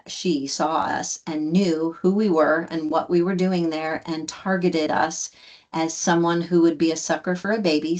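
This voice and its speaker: A woman, a guest and adoptive mother, telling a story in conversation and acting out the quoted lines with many restarts. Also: low-pitched. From United States. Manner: animated, acts out quoted dialogue with restarts.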